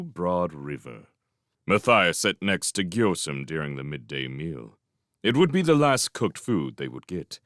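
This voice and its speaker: A man reading a storybook aloud in an expressive narrating style. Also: sits low, dry recording, clean studio sound. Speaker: audiobook reader.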